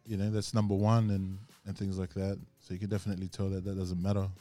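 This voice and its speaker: A man's voice: low voice, flat delivery, fast, warm tone, faint music behind. Rambling man chatting casually. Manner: rambling, many fillers and restarts. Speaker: podcast host. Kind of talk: casual chat.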